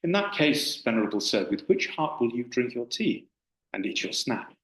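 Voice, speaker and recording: A man voicing a little old woman who runs a tea shop, asking calm, unruffled questions. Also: medium pitch, moderate pace, recorded from a distance. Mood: calm, knowing. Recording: roomy hall echo.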